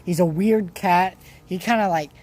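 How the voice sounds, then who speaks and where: A man's voice: sits high, normal speed, darkish tone. A man from California rambling casually in a vlog, with many restarts and fillers. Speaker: vlogger.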